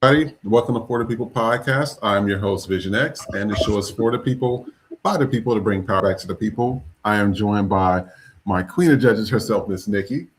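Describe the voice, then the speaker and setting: A man's voice: on the low side, a little fast, slight background noise. A man hosting a podcast, talking casually and rambling with fillers as he greets viewers. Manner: relaxed, rambling with fillers and shout-outs. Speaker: podcast host.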